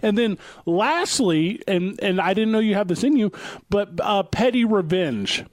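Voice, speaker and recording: A man with a somewhat high voice, co-hosting a podcast in a deadpan, mock-lecturing tone. He is miked close and the sound is dry. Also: a little slow, dry recording. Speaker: podcast co-host. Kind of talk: casual comedic banter.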